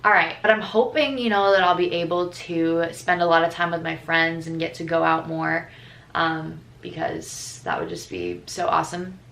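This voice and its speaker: A teenage girl vlogging, telling stories casually with lots of fillers and lively retellings. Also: low-pitched, normal speed, gravelly. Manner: chatty, filler-heavy, animated retellings. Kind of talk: casual storytelling.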